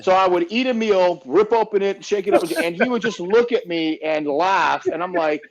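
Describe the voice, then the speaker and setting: High-voiced, profane man on a dull line. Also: moderate pace. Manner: profane, animated storytelling. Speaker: guest. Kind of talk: casual podcast chat.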